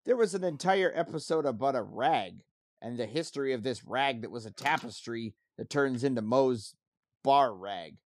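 A man co-hosts a podcast and chats casually. His voice is recorded dry and close, with a mid pitch. He gives relaxed, opinionated takes and stumbles over small restarts. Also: normal speed, no room sound. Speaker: podcast co-host. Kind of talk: casual chat.

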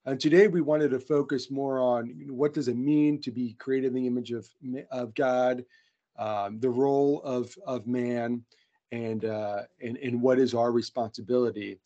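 A man's voice: medium pitch, fairly even intonation, normal speed, dark tone. Earnest man on a lo-fi podcast. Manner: earnest, friendly, lots of fillers and restarts. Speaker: podcast co-host. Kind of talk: casual conversational podcast. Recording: dull lo-fi sound.

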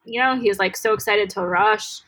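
A woman's voice: mid-range voice, fairly quick, a bit bright, rough recording. A woman co-hosting a podcast, chatting casually about a TV episode with many fillers. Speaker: podcast co-host. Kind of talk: casual chat.

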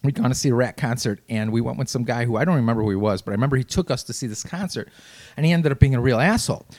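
Fast-talking man from the Chicago area. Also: mid-range voice, darkish tone. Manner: fast, profane, rambling. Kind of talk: casual storytelling chat.

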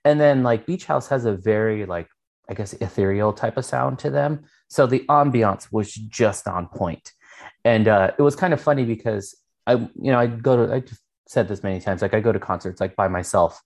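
A man's voice: fairly low pitch, normal speed, creaky, darkish tone. A man, co-hosting a podcast, telling stories in a casual, rambling way, with lots of fillers and swearing. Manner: rambling storytelling, heavy filler words and swearing. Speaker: podcast co-host. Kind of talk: casual chat.

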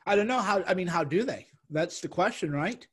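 A man's voice: high-pitched, animated, brisk, fairly bright tone, breathy edge. A man hosting a casual podcast discussion who talks bluntly and swears freely, with an indignant edge.

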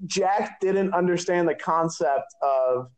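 A man's voice: high voice, slow. A young man co-hosting a casual chat with friends, explaining context and steering the topic. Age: young adult. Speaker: podcast co-host.

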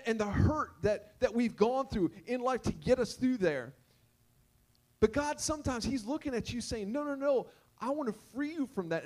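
Male preacher with a high voice, storytelling sermon, stammering repeats. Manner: storytelling with repeated words and sung snippets. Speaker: pastor.

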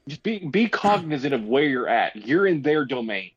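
A man's voice: mid-range voice, sing-song, moderate pace, breathy edge, dull audio. Filler-heavy man in casual chat. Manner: rambling, filler-heavy, opinionated.

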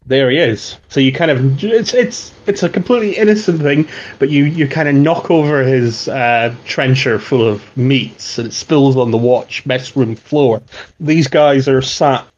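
Male game master, mid pitch, halting and filler-heavy narration, muffled lo-fi audio. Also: darkish tone, a little hiss or hum. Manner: halting, lots of fillers and restarts, chuckling. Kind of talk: narrating a tabletop role-playing game.

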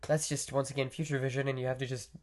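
A man's voice: medium pitch, level tone, fast talker. A man hosting a solo podcast, talking through his thoughts in a reflective, conversational way, with many fillers and self-corrections. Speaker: podcast host. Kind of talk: solo podcast monologue on mental health.

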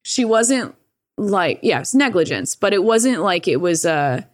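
A woman's voice: mid-range voice, big pitch swings, a little slow, no room sound, clean studio sound. A woman telling a story in a casual, rambling way, swearing freely and acting out the voices she quotes. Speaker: guest.

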